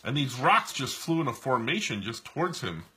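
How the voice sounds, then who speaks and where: A New York man co-hosts a live stream, drawing as he chats casually and tells rambling stories full of restarts. His medium-pitched voice is sing-song, pushed and bright, at a normal pace.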